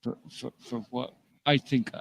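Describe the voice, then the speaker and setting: A man's voice: medium pitch, little pitch movement, a little slow, gravelly, husky. A man in casual live chat, talking hesitantly with many restarts and hedges about what he thinks.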